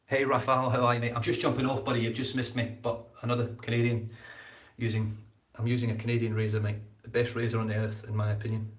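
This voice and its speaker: A man's voice: mid-range voice, level tone, fast talker, recorded from a distance. A man hosting a casual live-stream shaving chat, rambling and repeating his words as he talks. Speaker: shaving channel host. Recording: echoey room.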